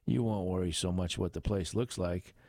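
A man's voice: low voice, steady tone, normal speed, vocal fry, a little mellow, no room sound, clean studio sound. A man voicing a cocky young soldier who mocks the others over a card game. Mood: mocking. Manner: brash, mocking. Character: cocky young male soldier, trash-talking card player.

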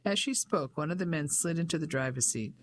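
Audiobook narrator for a period mystery, even and steady delivery. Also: medium pitch, fairly quick, slight background noise.

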